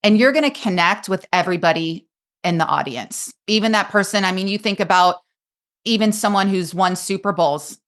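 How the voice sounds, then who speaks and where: A woman's voice: medium pitch, normal speed, a bit bright. A woman speaking as a coach on a podcast in casual conversation, earnest and emphatic and openly emotional, recorded on a podcast microphone.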